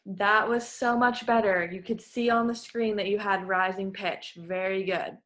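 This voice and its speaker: A woman's voice: mid-range voice, steady tone, unhurried, fairly bright tone. A woman working as a voice clinician, giving patient, encouraging step-by-step instructions in a therapy session.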